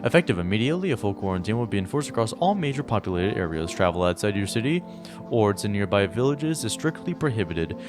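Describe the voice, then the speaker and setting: A man voicing a male television news anchor who reads a formal bulletin quickly. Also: fairly low pitch, big pitch swings. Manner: formal, rapid broadcast delivery. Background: game music.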